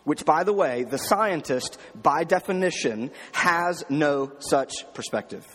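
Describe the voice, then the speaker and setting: A man's voice: fairly high pitch, expressive, a little slow, fairly bright tone, in a large hall. A man preaching a sermon, emphatic, repeating his phrases and asking rhetorical questions. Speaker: pastor.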